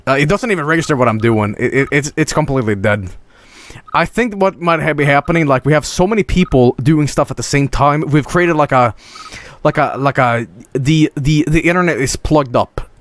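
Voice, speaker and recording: A man streaming a video game with casual commentary, profane and excitable, often cracking up laughing. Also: a little high, moderate pace, no room sound.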